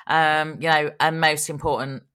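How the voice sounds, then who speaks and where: A woman's voice: sits low, fairly even intonation, moderate pace, fairly bright tone. A woman co-hosting a podcast, telling stories in a chatty way and laughing often. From Australia. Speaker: podcast co-host. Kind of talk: casual chat.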